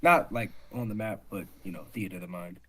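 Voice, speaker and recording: A man's voice: on the low side, fairly quick, bright, forceful tone. A man running a tabletop game as dungeon master, describing scenes with frequent fillers.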